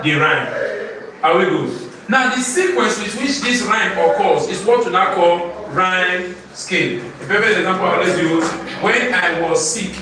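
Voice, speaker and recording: Pitched high, this male teacher leads a live literature class, repeatedly asking questions that end in "what?" so students can call back answers. The distant mic picks up room echo, background noise and the class itself.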